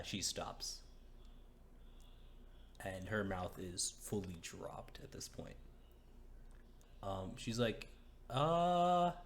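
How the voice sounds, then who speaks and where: A man narrating as game master of a tabletop game, hesitant with many fillers. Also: sits low.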